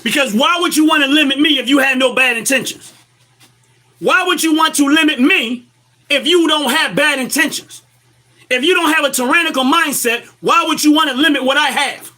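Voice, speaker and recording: A man's voice: very high voice, normal speed, pushed and bright. A man giving impassioned political commentary, emphatic and lecturing, firing rhetorical questions at his listeners.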